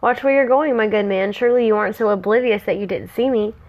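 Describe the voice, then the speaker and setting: A woman voicing a big, friendly, muscular male mercenary who speaks with a deep voice and a foreign accent. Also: fast, lo-fi sound, natural voice. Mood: friendly teasing.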